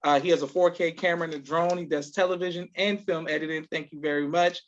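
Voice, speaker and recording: A male podcast host with a slightly raised voice reads sponsor thanks in a brisk, announcer-like way. He affirms his guest readily. The recording sounds dull and lo-fi. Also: fairly high pitch, steady tone, a little hiss or hum.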